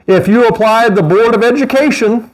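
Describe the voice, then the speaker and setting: A middle-aged man preaching a sermon as pastor, animated, with mocking asides and laughter. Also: very high voice, normal speed.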